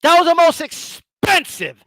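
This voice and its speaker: A man hosting a live stream, ranting bluntly and sarcastically, swearing and rising to shouts. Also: extremely high pitch, big pitch swings, a little slow, dry recording. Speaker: boxing commentator and channel host.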